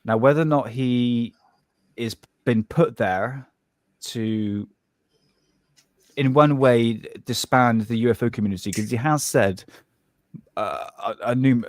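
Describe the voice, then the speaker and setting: A man's voice: medium pitch, no echo, studio quality. A man from Southwest England with a Southwest English accent, chatting casually on a live stream as co-host, rambling with frequent restarts. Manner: rambling, restarts often, says "mate".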